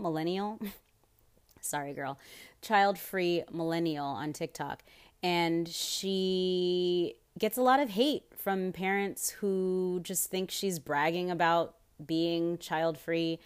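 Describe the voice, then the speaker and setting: A woman's voice: lowish voice, fairly even intonation, slow, clean tone. A young woman hosting her own podcast, rambling in casual chat, swearing freely and getting worked up with outrage. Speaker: podcast host. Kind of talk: casual solo podcast talk.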